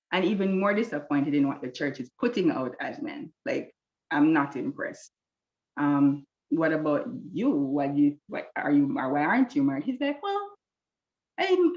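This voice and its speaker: A woman telling a lively personal story, acting out the voices of people she quotes, with a slightly dull recording. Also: sits low. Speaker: guest telling her love story. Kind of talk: animated storytelling.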